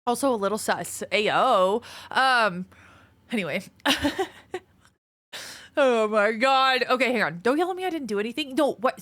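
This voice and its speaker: A woman's voice: fairly high pitch, animated, moderate pace, a bit bright. A woman streamer chatting casually with her viewers, a bit out of breath, greeting people by name. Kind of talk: casual chat reading viewer messages.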